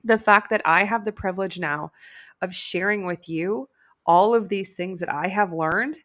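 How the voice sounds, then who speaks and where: A woman's voice: mid-range voice, moderate pace, fairly bright tone. A middle-aged woman hosting her own podcast, talking candidly and casually, swearing freely and getting emotional. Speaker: podcast host. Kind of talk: casual solo podcast talk.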